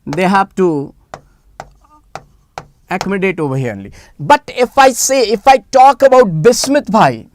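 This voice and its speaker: An online chemistry instructor with a high voice speaks at a measured pace, pausing often. He teaches live and with animation, repeating phrases to coax answers from students in the chat.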